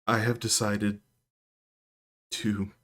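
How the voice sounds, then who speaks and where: A man's voice: fairly low pitch, little pitch movement, drawn-out words, a bit bright. A man voicing a timid young girl whose voice trembles with emotion. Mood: trembling.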